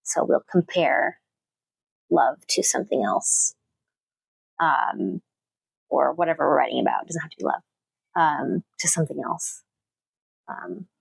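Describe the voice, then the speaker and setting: Woman, poetry teacher, low-ish creaky voice, dry close sound, hesitant and thoughtful. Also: no echo. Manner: thoughtful, with frequent fillers and restarts. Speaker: literature teacher. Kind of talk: casual interview talk.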